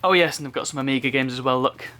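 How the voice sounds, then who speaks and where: A man's voice: medium pitch, racing, bright, forceful tone. Chatty man, rambling unboxing. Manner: rambling, chuckling asides. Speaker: unboxing video host. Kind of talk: casual unboxing chat.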